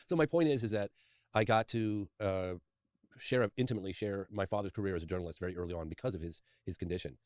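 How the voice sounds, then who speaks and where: A rapid-fire man in his fifties with a low voice, spinning a long personal story in an interview. He rambles eagerly and keeps restarting sentences as he goes. The sound is close and dry, with no room behind him. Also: darkish tone, no echo. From England. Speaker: documentary filmmaker, interview guest.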